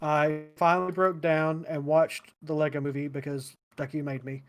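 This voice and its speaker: A man's voice: a little high, level tone, moderate pace. A man co-hosting a casual podcast, dry and blunt in his remarks. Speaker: podcast co-host.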